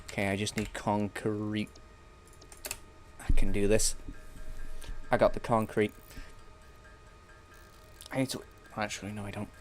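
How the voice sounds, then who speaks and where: A man's voice: on the low side, flat delivery, a little slow, long pauses, faint music behind. Young guy rambling thru a game stream, jokey, swears a bit. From England. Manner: rambling, joking, swears casually. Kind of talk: casual gameplay chat.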